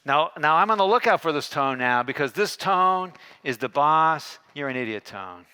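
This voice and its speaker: A man giving a keynote talk on a conference stage, telling a story and acting out the dialogue with lively shifts in tone. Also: on the high side, normal speed, smooth. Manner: animated, acts out dialogue with shifting tones. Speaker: keynote speaker.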